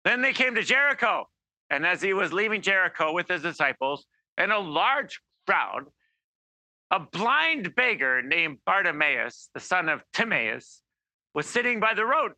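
A man giving an informal sermon, animated and acting out quoted voices, with many restarts. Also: high voice, unhurried, no room sound. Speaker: preacher.

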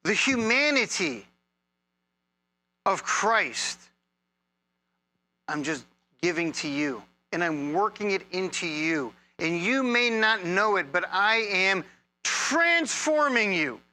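A man preaching a sermon as a pastor, conversational and humorous, with energetic bursts of emphasis. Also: high-pitched, slow, long pauses.

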